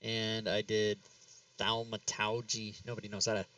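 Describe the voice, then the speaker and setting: Bright-voiced man hosting, mic a bit distant. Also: lowish voice, monotone, moderate pace, no room sound. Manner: rambling, laughs often, talks himself through steps. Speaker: talk show host. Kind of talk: casual chat while working in game software.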